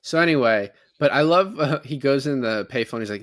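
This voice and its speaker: A man's voice: medium pitch, normal speed, fairly bright tone, dry recording, clean studio sound. A man co-hosting a podcast, casually recapping a film and quoting its lines in a rambling way. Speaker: podcast co-host. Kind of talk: casual movie recap chat.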